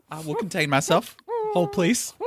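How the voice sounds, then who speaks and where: A man hosting a podcast in casual chat, excitable and playful, laughing often, on a close studio mic. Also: sits high, very noisy. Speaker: podcast host.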